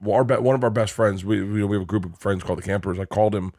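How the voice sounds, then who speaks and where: A man's voice: lowish voice, fairly even intonation, very fast, darkish tone. A middle-aged man spins a story on a podcast in loose, meandering bursts. He curses casually and breaks into laughter as he goes. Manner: rambling storyteller, swears freely, laughs often. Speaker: podcast co-host. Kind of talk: casual chat.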